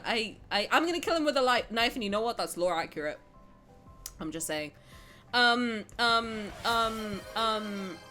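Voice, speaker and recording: A young woman with a slightly high voice live-streams a game and chats with viewers. She's excitable and dramatic, swearing and laughing between outbursts.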